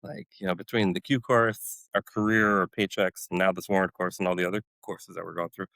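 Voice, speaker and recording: Low-voiced man telling animated war stories. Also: brisk, gravelly, few pauses, no echo, low-quality recording. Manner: animated storyteller, acts out his own past outbursts. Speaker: podcast guest, former special forces medic. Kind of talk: storytelling interview.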